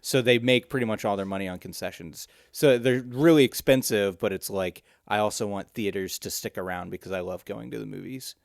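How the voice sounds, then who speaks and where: A young man co-hosting a casual podcast chat, talking haltingly with frequent restarts and easy laughter. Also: on the low side, vocal fry, no echo, clean studio sound. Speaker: podcast co-host.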